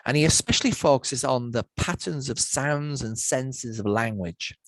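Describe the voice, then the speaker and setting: A man giving an academic lecture to university students online, measured and methodical, setting out word lists one item at a time. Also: mid-range voice, no room sound, poor audio.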